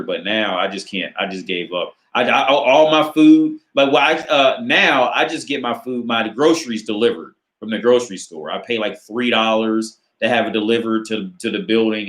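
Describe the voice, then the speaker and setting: An American dating advice channel host runs a casual live Q&A, reading viewer questions and answering in a rambling, profane manner packed with fillers. His voice sits lowish with a fairly bright tone, and the room is echoey.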